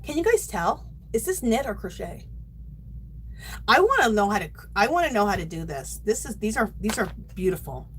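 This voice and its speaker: A woman's voice: medium pitch, big pitch swings, moderate pace, a bit bright, slight background noise, rough recording. A middle-aged woman hosting a yarn craft livestream, gushing and chatting casually to her viewers.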